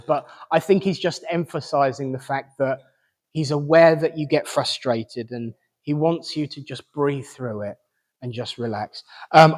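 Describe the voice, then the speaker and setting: A fairly high-voiced man leads a mediumship reading at a service, chatty and halting, with fillers and restarts. His voice rings out with a long hall reverb. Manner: chatty, hesitant, relaying messages with fillers and restarts.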